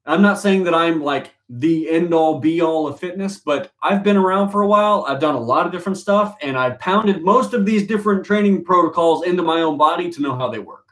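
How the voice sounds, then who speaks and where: A man who is a fitness trainer, co-hosting a casual live-stream chat in a rambling, halting way. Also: a little high, fairly bright tone.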